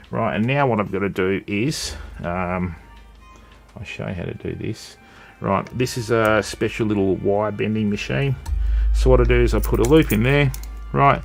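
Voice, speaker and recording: A man's voice: lowish voice, gravelly. A man with an Australian accent hosting a casual live stream, chatting and greeting viewers while he works with his hands.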